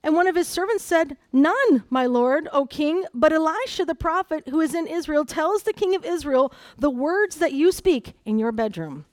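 A woman preaching at a conference, reading a Bible story aloud with lively asides and dramatized quotes. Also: high-pitched, normal speed, hardly any pauses, no room sound. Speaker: conference speaker. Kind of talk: sermon with scripture reading.

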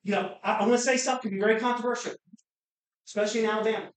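A woman pastor preaching with fervor, her fairly high voice rising to shouts and dropping to low asides. She is picked up from a distance in a very echoey sanctuary. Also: fairly even intonation, racing. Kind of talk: sermon. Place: church sanctuary. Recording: very echoey hall, mic far off.

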